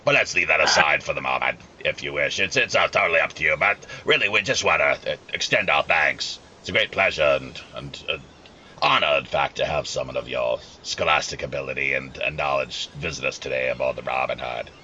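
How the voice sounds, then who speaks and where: A very deep, bright-edged pirate captain, played by a man who co-hosts the show, with a robotic, flat sound. He welcomes a guest in formal, gracious phrasing. The line is dull and lo-fi. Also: fairly quick, slight background noise, full character voice. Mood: hearty. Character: hard-drinking male pirate captain, show persona. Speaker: co-host.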